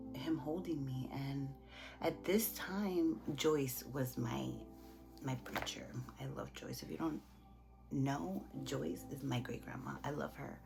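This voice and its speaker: A young woman vlogger in a casual get-ready-with-me chat, talking in a soft, halting, emotional way with many restarts. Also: deep voice, gravelly. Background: background music.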